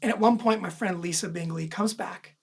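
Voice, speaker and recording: A woman host animatedly telling a personal story, lively and self-deprecating, laughing often. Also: lowish voice, a little fast, breathy edge. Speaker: host recounting her own stories.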